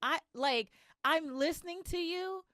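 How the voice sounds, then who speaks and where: A woman's voice: extremely high pitch, unhurried, bright, forceful tone, no echo. A woman hosting a podcast, introducing and interviewing her guest in an effusive, encouraging way. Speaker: podcast host. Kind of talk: interview conversation.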